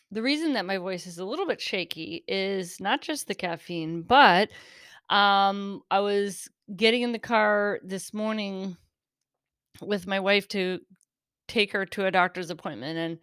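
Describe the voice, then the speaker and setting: The sound is clean, studio-like, and echo-free, carrying a woman's mid-range, fairly bright voice. She's the host of a casual solo podcast, a bit jittery on caffeine, rambling along with giggles and self-interruptions.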